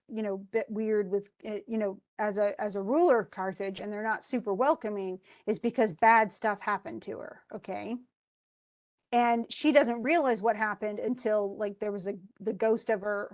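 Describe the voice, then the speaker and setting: A woman's voice: medium pitch, normal speed. A woman retelling a classical epic to a class in a casual, chatty lecture full of fillers and restarts. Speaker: teacher.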